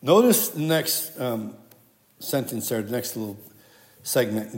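A man's voice: medium pitch, expressive, measured pace, a little mellow. A man giving a conversational sermon, quoting scripture and often restarting his sentences. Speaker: preacher. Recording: echoey hall with long reverb.

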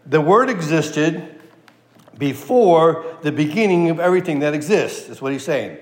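A man's voice: a little high, animated, normal speed, roomy sound. A man preaching an expository sermon as a Bible teacher, repeating key phrases for emphasis and checking in with his listeners.

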